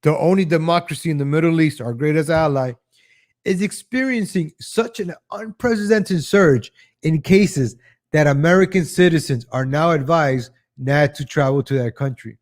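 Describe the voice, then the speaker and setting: A man's voice: on the high side, normal speed. A man whose first language is Spanish, hosting an opinion commentary show in a ranting, sarcastic, emphatic way. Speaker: show host.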